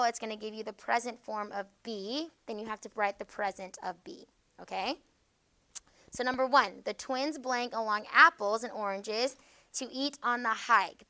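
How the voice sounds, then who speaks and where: Woman teacher, grammar lesson, bright and clear voice, dry close sound, keeps asking "okay?". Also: fairly high pitch, no room sound. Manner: frequent checking "okay?" with students; slow, stressed reading of example words.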